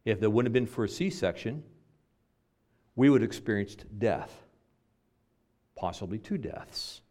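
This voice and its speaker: A middle-aged man preaching a sermon, telling a personal story with frequent restarts and swings between loud and soft. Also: on the low side, a little slow. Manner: lively storytelling, repeats words, varies volume widely.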